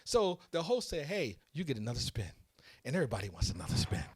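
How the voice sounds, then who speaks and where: A man hosting a casual podcast, telling a story in an excitable, animated way that builds to loud peaks. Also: medium pitch, fast talker, slightly rough, no room sound, clean studio sound. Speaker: podcast host.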